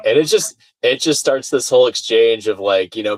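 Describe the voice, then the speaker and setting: A man chatting casually on a video call, telling a rant story with swearing and acted-out shouted quotes. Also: mid-range voice, expressive, moderate pace, hardly any pauses, poor audio. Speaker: podcast guest. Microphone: video call mic, sounds far away.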